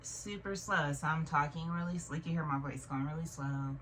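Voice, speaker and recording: Low-voiced woman in her 30s rambling thru a weird story, kinda far from the mic, faint hiss. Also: a little fast, fairly bright tone. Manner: rambling, full of "like" and restarts. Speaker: vlogger. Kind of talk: casual storytelling monologue. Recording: distant mic with faint noise.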